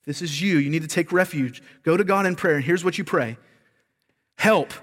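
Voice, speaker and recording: A man's voice: a little high, fast. A man preaching a sermon as pastor, earnest and emphatic, often repeating words as he makes a point. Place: church sanctuary. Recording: long reverb of a large hall.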